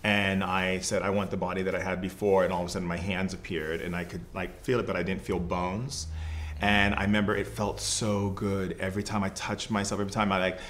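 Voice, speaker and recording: Low, flat-voiced man telling a story. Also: a little fast, a little hiss or hum. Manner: casual, loose, full of "like" and "you know". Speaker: podcast guest, shaman. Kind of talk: personal storytelling in conversation.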